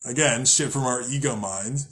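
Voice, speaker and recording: Speaking at normal speed in a medium-pitched, slightly bright voice, a young man hosts a podcast on spirituality. It's loose, rambling, and profane, and he laughs at himself and sometimes voices angry characters.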